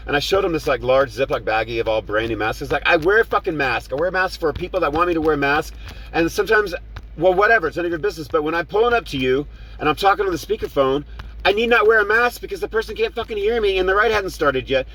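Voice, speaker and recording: A man's voice: on the high side, fast talker, rough recording. A man who drives for rideshare apps, telling a profane story from his car and acting out heated arguments in a raised voice. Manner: animated, swearing, acts out heated quotes in a raised voice.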